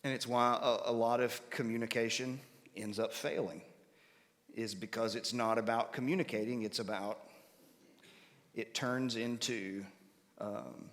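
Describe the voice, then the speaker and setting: A man's voice: medium pitch, steady tone, measured pace, long pauses, a bit bright, long reverb tail. A man preaching a conversational Bible-class sermon in a church. He explains patiently and often checks in with his listeners by asking them questions.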